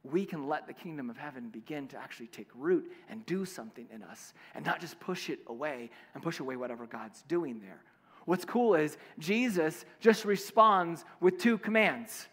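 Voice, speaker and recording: A man preaching a sermon in a relaxed, conversational way, full of fillers and restarts. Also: high voice, moderate pace, long reverb tail. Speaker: pastor.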